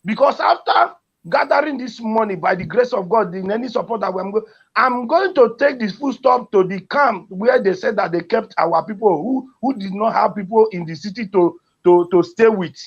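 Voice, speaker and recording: A man's voice: high-pitched, moderate pace, breathy edge, dull audio. A man with a Nigerian accent making an impassioned, repetitive appeal for his community. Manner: pleading, repetitive, emotional. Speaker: community advocate.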